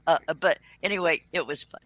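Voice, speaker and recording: A woman's voice: sits low, fairly quick, a bit bright. An older woman co-hosting a casual livestream chat, talkative and swearing freely. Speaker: co-host.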